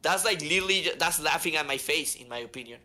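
A man hosting a podcast, telling stories in an animated, chatty way and often checking in with "right?". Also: on the high side, quick pace. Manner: animated, keeps asking "right?". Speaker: podcast host. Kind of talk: casual storytelling chat.

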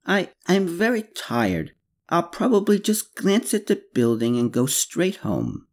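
A male narrator voicing a kind, gentle young woman who speaks softly and a little hesitantly. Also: on the high side, very animated, measured pace, gravelly, voice pushed up, heavily acted. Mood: earnest.

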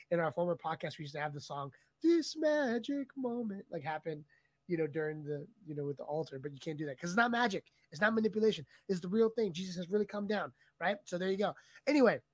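A man co-hosting a podcast, telling stories with lively energy and frequent laughter. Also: high voice, no echo. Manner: lively storyteller, laughs often. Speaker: podcast co-host and video editor. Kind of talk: casual podcast chat.

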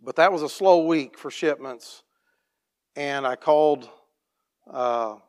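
A man's voice: fairly high pitch, slow. Plain-spoken man telling a church testimony. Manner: plain-spoken, frequent restarts, clears his throat often. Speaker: farm operator sharing a church mission story.

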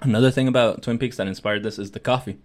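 A man's voice: medium pitch, steady tone, quick pace. A young man co-hosting a casual podcast, laughing often and mimicking his friends. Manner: laughs a lot, does voices of friends. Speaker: podcast co-host. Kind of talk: casual chat.

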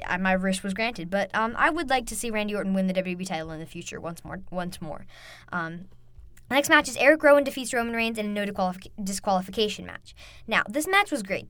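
A young woman hosting a casual podcast, gushing excitedly with frequent ums and restarts. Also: medium pitch, clear, resonant tone, no echo. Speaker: podcast host. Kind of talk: casual wrestling recap podcast.

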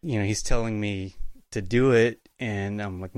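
Man, lowish voice, relaxed storyteller, dry close sound, casual interview guest. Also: normal speed, dry recording. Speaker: guest, utility locator.

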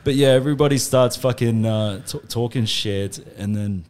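A young Australian man hosts a podcast, telling a story to his mates amid rowdy banter, plenty of laughter and swearing. His mid-range voice has a darkish tone and a moderate pace.

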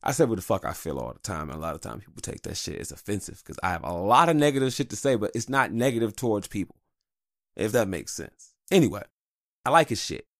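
Gravelly-voiced man in a rambling monologue. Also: on the low side, sing-song, fast talker, no room sound, clean studio sound. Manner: candid, rambling, heavy swearing. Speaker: podcast host. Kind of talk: casual profane monologue.

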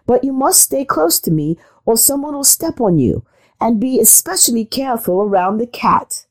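A woman's voice: on the high side, expressive, normal speed, pitched above the performer's own voice. A woman reading a storybook aloud, voicing a fussy, impatient mother duck who frets and boasts about her brood. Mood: coaxing. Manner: fretful, proud and chatty.

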